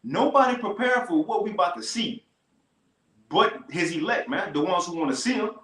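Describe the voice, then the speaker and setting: Man teaching scripture, casual slangy talk, slightly high voice, echoey room. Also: lively intonation, a bit bright. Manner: slow, emphatic scripture reading.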